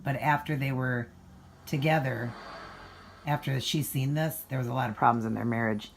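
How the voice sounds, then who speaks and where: Gravelly, chatty food vlogger. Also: medium pitch, fairly even intonation, moderate pace, slight background noise. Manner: rambling and chatty, with frequent fillers. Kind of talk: casual retelling of a film plot.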